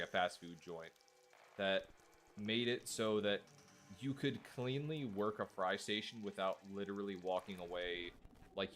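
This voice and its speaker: A man's voice: sits low, fairly bright tone, a little hiss or hum. A man streaming a video game, rambling through casual, self-deprecating commentary. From United States. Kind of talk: casual let's play commentary.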